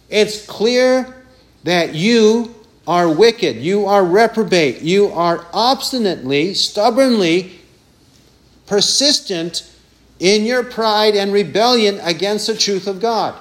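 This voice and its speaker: A man's voice: high voice, expressive, unhurried, fairly bright tone. A man preaching a sermon with emphasis, repeating phrases and mimicking taunting voices.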